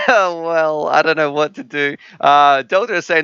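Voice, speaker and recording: Man, live stream host, casual chat, laughs often, bright voice, dry close mic. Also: fairly high pitch, a little slow, clear, resonant tone, no room sound, muffled recording. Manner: chatty, laughs often, reads out chat messages.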